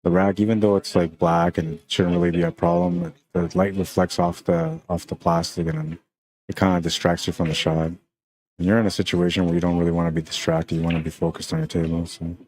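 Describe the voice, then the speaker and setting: With a Spanish accent and a low, smooth voice, a relaxed man from Canada talks his stream through every pool shot. His delivery is level and leisurely, loosely chatty, and full of "man" and "like".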